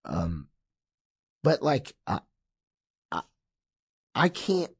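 Impassioned, swearing man, lively pitch. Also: drawn-out words, gravelly, breathy edge, no echo, studio quality. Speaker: podcast guest. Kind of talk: casual podcast chat.

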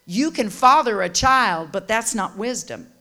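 A woman preacher delivering a sermon, teaching and building to passionate shouting with call-and-response. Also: fairly high pitch, animated, measured pace.

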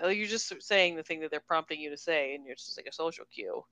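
A woman's voice: low-pitched, expressive, fast talker, sharp tone, clear, resonant tone, no room sound. A woman in casual conversation about a novel, acting out quotes in playful voices. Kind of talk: casual book discussion.

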